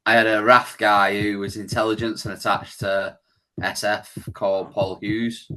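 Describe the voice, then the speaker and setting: A man's voice: fairly low pitch, level tone, measured pace, bright, forceful tone, slight background noise. A man who is a guest on a podcast, chatting in a laid-back way and joking about himself. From England. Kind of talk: casual chat.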